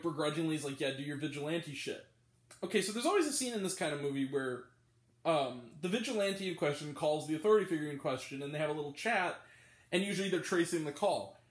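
A man reviewing a movie in a loose, sarcastic way, laughing at his own jokes as he goes. His pitch swings high and low as he talks. The room around him gives his voice a noticeable echo. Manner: animated and sarcastic, often laughing. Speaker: film reviewer. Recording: roomy echo.

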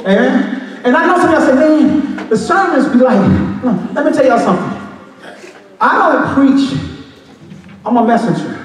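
A high-voiced man preaches with passion, moving between shouts, half-sung lines and loose street talk. He is heard from far off in a church hall with a long, ringing echo. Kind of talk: Pentecostal sermon. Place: church sanctuary.

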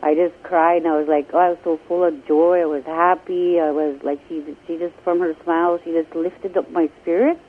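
A woman's voice: on the low side, fairly even intonation. Woman caller on a tinny phone line. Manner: halting, emotional, many restarts. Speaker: radio caller. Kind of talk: phone-in personal story. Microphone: telephone.

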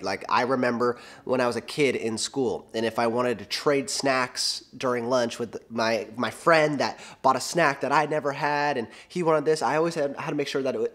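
A young adult man giving a casual sermon, retelling a Bible story in a conversational, animated way with fillers. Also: medium pitch. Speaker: preacher.

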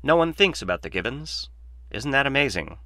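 A man's voice: mid-range voice, big pitch swings, moderate pace, pushed and bright, no room sound, voice pushed up. A man voicing a glib, opinionated male mathematician in a dry, lecturing, sardonic manner, read as an audiobook. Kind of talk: audiobook reading.

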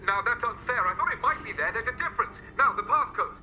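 A man's voice: extremely high pitch, animated, fast, pushed and bright, faint music behind, full character voice. An actor playing an evasive, apologetic man in a video game cutscene, placating in manner.

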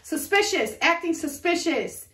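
A woman's voice: very high voice, animated, a little slow, a bit bright, a little hiss or hum. A woman giving a casual tarot reading, giggling often and swearing freely. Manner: giggly, profane, frequently laughing. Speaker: tarot card reader. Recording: echoey room, far from mic.

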